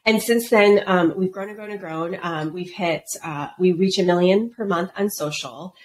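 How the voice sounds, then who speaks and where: A woman's voice: on the low side, normal speed. Woman, middle-aged, coach, casual storytelling, acts out quotes, faint background noise. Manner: animated, acts out quoted voices. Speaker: guest, business coach.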